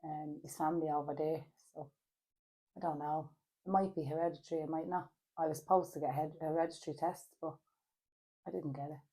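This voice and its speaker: Podcast guest: woman, Dublin accent, lower register, halting and filler-heavy, perks up for anecdotes. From Ireland. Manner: hesitant, many fillers, animated when telling stories. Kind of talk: casual chat.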